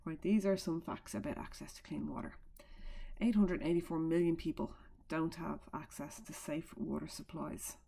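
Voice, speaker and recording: A woman with a low voice and a gravelly fry running through it teaches a recorded lesson from home. She talks into a computer mic in a chatty way, explaining with fillers and side remarks. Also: normal speed, dark tone.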